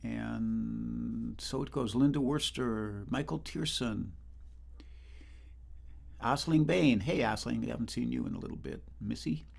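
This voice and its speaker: A man's voice: medium pitch, a little slow, gravelly, darkish tone. An older man hosting a livestream concert, chatting casually between songs and greeting viewers by name with a rambling manner. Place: home, livestream. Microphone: livestream microphone.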